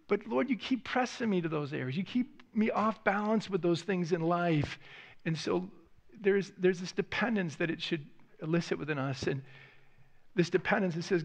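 A man's voice: high voice, normal speed. A male pastor preaching a sermon in a church, earnest, often repeating words as he voices heartfelt prayers. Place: church sanctuary.

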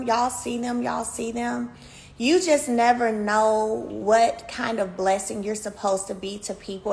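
Animated woman vlogging from a salon. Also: a little high, creaky. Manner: animated, addresses viewers as y'all, swings loud and soft. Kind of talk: casual chatty storytelling to viewers. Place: beauty salon, indoors. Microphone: phone camera held by speaker. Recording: echoey room with faint ambience.

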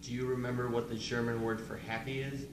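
A young man giving casual instructions in a halting way, with lots of ums and some quick bursts of speech. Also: medium pitch, little pitch movement. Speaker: student presenter. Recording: echoey room, distant mic, noise.

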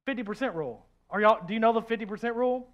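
A man preaching a sermon, animated and joking, swinging from hushed asides to loud outbursts and acting out quoted voices. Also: high-pitched, rapid-fire, highs cut off. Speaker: pastor.

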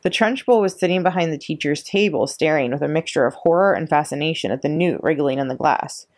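A woman librarian reading a children's novel aloud, expressive and steady. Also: low voice, fairly quick. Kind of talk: storybook read-aloud.

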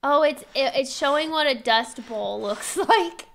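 Giggly high-voiced Texan woman streamer. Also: lively intonation, a little slow, gravelly, a bit bright. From Texas. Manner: giggly, reads on-screen text aloud with stumbles. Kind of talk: casual game-stream commentary.

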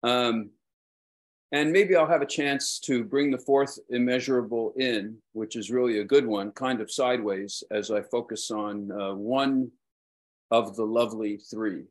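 A man's voice: mid-range voice, fairly even intonation, measured pace. A man with a Brooklyn accent giving a dharma talk as a Buddhist teacher, rambling and self-deprecating, with frequent hesitations.

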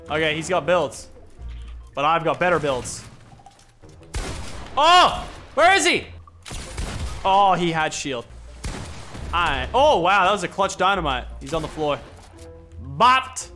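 A young man giving excited gameplay commentary, laughing and chatting to opponents. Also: fairly high pitch, a little slow, pauses often, faint music behind. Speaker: gaming YouTuber.

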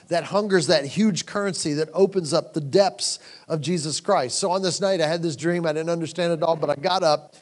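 Animated man preaching a story. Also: fairly high pitch, a little fast. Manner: drops to hushed tones for quoted moments. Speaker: conference speaker. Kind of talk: sermon. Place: conference hall.

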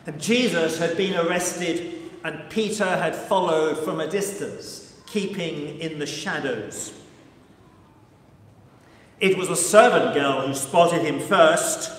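Male pastor, slow dramatic storyteller, slightly high voice, echoey church with long reverb. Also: a little hiss or hum. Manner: slow, vivid, measured storytelling. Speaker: team rector preaching.

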